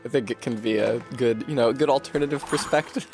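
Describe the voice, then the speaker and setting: A man's voice: mid-range voice, fast, vocal fry, music in the background. A man chatting casually while streaming a game, joking and swearing through rambling asides.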